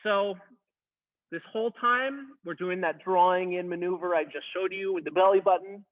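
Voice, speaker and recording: Speaking at normal speed in a high-pitched voice, this man leads a beginner workout, offering relaxed encouragement as he strains through a plank. His audio has a thin, phone-like quality.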